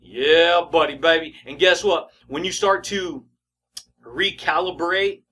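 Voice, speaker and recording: A man's voice: on the high side, slow pace, pushed and bright. A man giving a casual motivational talk, slangy and emphatic, often laughing and calling the listener buddy and baby. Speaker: motivational speaker.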